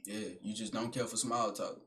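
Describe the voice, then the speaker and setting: A young man doing a comedic monologue in which he talks to himself in slangy, profane speech, swinging between loud projecting and low mumbling. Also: flat delivery, moderate pace. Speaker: skit creator.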